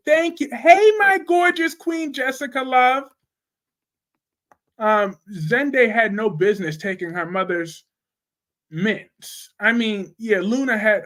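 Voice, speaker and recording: A young man with a high-pitched voice hosts a casual live chat about soap operas. He's blunt and animated, responding to viewer comments using slang.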